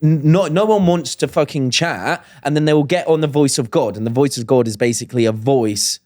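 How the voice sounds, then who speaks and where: A man's voice: mid-range voice, brisk, darkish tone. A laid-back young Australian man with a mid-range voice. He talks bluntly and casually as a podcast co-host, swearing freely and acting out other people's lines as he goes. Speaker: podcast co-host, former reality show contestant. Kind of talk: casual chat.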